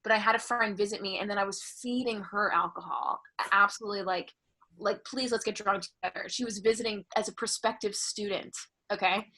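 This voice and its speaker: A woman's voice: mid-range voice, fairly even intonation, brisk, pushed and bright. A woman comedian, a guest telling candid, profane stories in casual chat. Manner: candid, profane, bursts of laughter.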